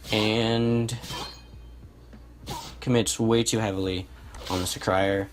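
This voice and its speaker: A man's voice: on the low side, fairly even intonation, slow pace. A young man casually commentating a replay of his own match, thinking aloud and correcting himself as he goes. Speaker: gameplay commentator. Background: music.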